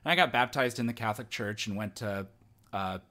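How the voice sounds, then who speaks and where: A man's voice: on the low side, brisk, bright, forceful tone. A man hosting a casual podcast conversation, reflective and thinking aloud as he talks. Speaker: podcast host.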